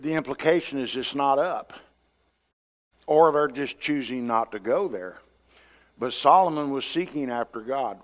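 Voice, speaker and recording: Speaking in a mid-range voice, this male pastor delivers a sermon in a conversational manner. He frequently repeats words and acts out things people say.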